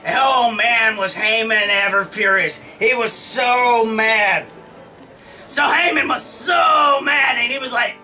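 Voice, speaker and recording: A man's voice: extremely high pitch, lively intonation, slow pace, bright, forceful tone, recorded from a distance, soft background music, rough recording. A man casually retelling an old story in a slangy, comic way, often acting out the characters' lines. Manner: slangy, full of "like", acts out lines.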